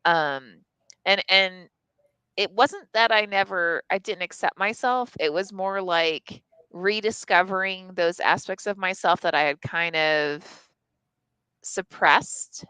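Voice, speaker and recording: A woman's voice: on the low side, pushed and bright, smooth, dry recording. A woman in her thirties chatting casually, enthusiastic and swearing freely as she shares a personal story. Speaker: co-host.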